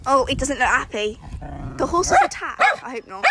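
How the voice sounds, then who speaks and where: A woman's voice: sits high, animated, normal speed, noisy background. A teenage girl vlogging casually and cooing at animals in baby talk. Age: teens. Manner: coos and baby-talks to animals. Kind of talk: casual vlog chat.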